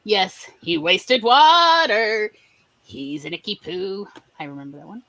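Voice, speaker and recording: A woman hosting a casual live-stream chat, bubbly and exclamatory and quick to laugh. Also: medium pitch, lively intonation, a bit bright, no echo. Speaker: podcast host.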